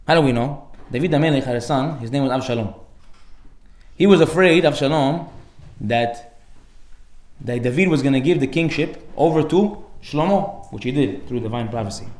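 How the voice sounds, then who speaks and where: A man giving a casual, lively Torah class, acting out the people in his stories with sudden loud outbursts and mixing Hebrew terms into everyday English. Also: a little high, echoey room. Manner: animated storyteller, acts out characters with sudden loud outbursts. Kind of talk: lively informal Torah lecture.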